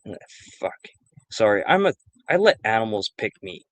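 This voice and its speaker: A man with a somewhat low voice chats casually on a stream. He tells loose, wandering stories and swears freely along the way. The recording is dry and close. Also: sing-song, normal speed, no room sound. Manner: rambling, profane storytelling. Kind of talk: casual chat.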